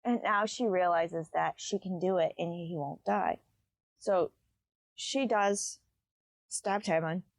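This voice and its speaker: A woman's voice: lowish voice, slow, vocal fry, no echo. Chatty woman recapping a book. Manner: chatty, loose, with many fillers. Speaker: book podcast host.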